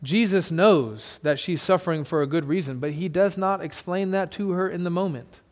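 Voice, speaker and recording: A male pastor preaching a sermon to his church, shifting dramatically between loud emphasis and hushed, soft passages. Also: high-pitched, normal speed, in a large hall. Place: church sanctuary with congregation.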